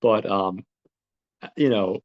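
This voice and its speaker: Speaking slowly in a lowish voice, a male podcast host retells a film's plot in a loose, casual way, swearing and using lots of fillers. The recording sounds dull and lo-fi.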